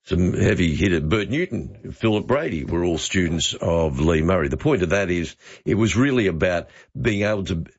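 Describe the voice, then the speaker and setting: A man's voice: low-pitched, expressive, normal speed, hardly any pauses, lo-fi sound. An older man hosting a casual radio chat, talking in a hesitant way with many fillers. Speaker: radio host. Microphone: studio microphone with headphones.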